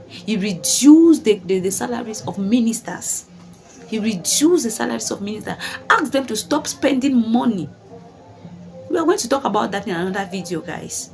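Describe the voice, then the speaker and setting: A woman's voice: a little high, animated, normal speed, creaky, darkish tone, soft background music. A woman delivering commentary to her online audience in an emphatic, repetitive style. She leans on rhetorical questions and keeps calling her viewers guys. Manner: emphatic, repeats phrases, addresses viewers as guys. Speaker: vlogger. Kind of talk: commentary vlog.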